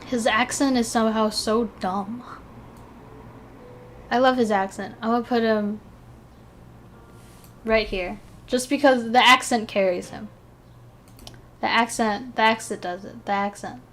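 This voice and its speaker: A young woman streaming, chatting casually in an excitable, rambling way, sleepy and yawning between thoughts. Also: on the high side, measured pace, long pauses, a little hiss or hum. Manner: excitable, rambling, giggly, with restarts. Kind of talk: casual chat while ranking game characters.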